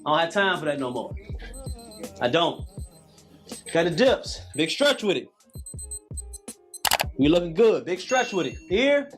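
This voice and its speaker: A man's voice: fairly high pitch, animated, unhurried, pauses often, music in the background. A man in his late thirties coaching a live calisthenics workout, repeating cues and preaching about hard work. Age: late 30s. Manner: preachy, repetitive motivational cues.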